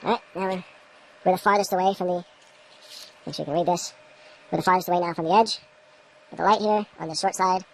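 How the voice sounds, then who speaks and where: A woman's voice: lowish voice, steady tone, quick pace, long pauses, slight background noise, poor audio. A woman in a casual instructional vlog, rambling to the camera while she works in an indoor grow room and muttering at her equipment. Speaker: home grower demonstrating light readings.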